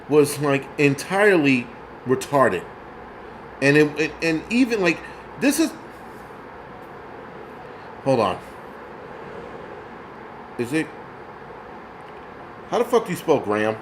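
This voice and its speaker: A man's voice: on the high side, sing-song, takes it slowly, pauses often, a little hiss or hum. A man of Puerto Rican origin hosting his own show, ranting in a heated, profane, mocking way. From Puerto Rico. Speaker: host. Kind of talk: angry ranting commentary.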